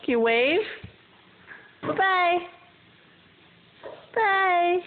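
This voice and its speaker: A woman speaks in high, sing-song baby talk, swooping up and down as she coaxes a toddler. She drags each simple word out slowly and repeats it. The sound is thin and tinny, like an old home video with a faint hiss. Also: big pitch swings. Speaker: parent filming a toddler.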